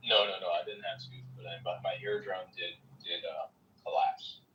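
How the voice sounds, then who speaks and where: A man's voice: deep voice, little pitch movement, moderate pace, sharp tone, dull audio. A man in a casual political chat, joking with a wildly swooping delivery. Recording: roomy, distant mic with faint noise.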